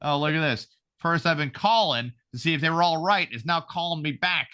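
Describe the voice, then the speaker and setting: A young adult man hosting a podcast, telling profane, animated stories in casual banter. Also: on the high side, brisk. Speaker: podcast host.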